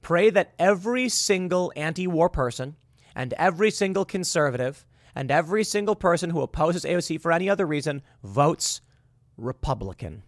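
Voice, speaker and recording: A man giving sarcastic political commentary, mocking and animated, who jumps between loud outbursts and quiet asides. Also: a little high, moderate pace, dry recording, studio quality.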